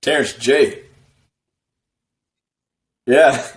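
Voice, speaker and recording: Chill guy on a video call, mid pitch, blunt about it, says bro and man a lot. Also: drawn-out words, slight background noise. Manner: laid-back, blunt, slangy, lots of short agreements. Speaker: podcast co-host. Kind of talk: casual sports chat.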